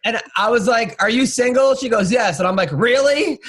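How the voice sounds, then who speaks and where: A man, a comedian and podcast host, telling animated stand-up road stories in casual chat and acting out people's voices. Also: extremely high pitch, brisk. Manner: animated, acts out crowd voices, laughs through stories.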